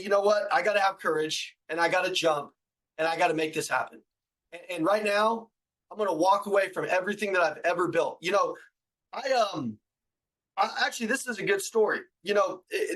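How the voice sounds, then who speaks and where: A sales trainer with a fairly high male voice gives a motivational speech to salespeople, driving his points home through repetition, slang and casual swearing. He frequently builds into loud, forceful shouts, and the audio quality is poor.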